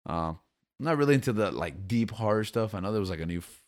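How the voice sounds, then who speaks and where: A man with a lowish voice chats easily with his podcast co-hosts. He chuckles often as he moves the conversation along. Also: animated, quick pace. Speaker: podcast co-host. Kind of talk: casual chat.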